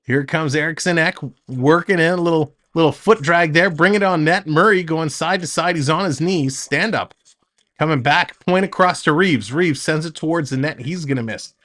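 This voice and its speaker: A man's voice: fairly high pitch, moderate pace, a bit bright. A man streaming live hockey play-by-play, calling the action in short bursts and chatting with viewers between plays.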